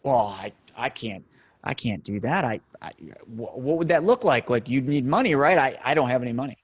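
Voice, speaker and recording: A man voicing a weary working-class neighbor who is sick of his factory job and talks in a low, stammering, hesitant way. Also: very animated, moderate pace, breathy edge, no echo.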